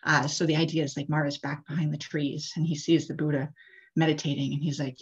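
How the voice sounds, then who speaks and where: Low-voiced woman, chatty sermon storytelling. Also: flat delivery, fairly quick. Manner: casual, chatty, many "like" and "uh" fillers. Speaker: interfaith leader. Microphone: video call. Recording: dull lo-fi video call audio.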